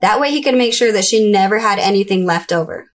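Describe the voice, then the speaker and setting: A young adult woman recounting her childhood in a conversational interview, breaking into high, childlike voices when she quotes people. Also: expressive, quick pace. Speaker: interview guest. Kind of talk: candid personal storytelling.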